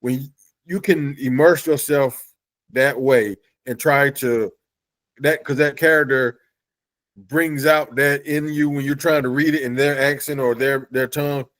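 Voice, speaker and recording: A man's voice: mid-range voice, steady tone, fairly bright tone. A man hosting an interview show who talks with enthusiasm and stumbles over his words as he praises his guest's comic. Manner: enthusiastic, halting with restarts. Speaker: podcast host. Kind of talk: casual interview chat.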